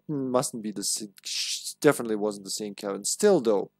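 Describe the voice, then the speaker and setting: A man plays a video game on a live stream, offering casual, sarcastic, jokey commentary and laughing often. His voice is on the low side with vocal fry, at a moderate pace with hardly any pauses, and there's no echo.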